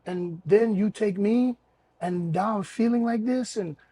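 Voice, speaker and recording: A frightened young woman in tears, her voice climbing far above her normal register as she pleads and begs. A man acts her out in a strained, shrill falsetto that cracks with sobbing. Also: a little slow, mellow, breathy edge. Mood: uneasy. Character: panicked young woman on a bad high.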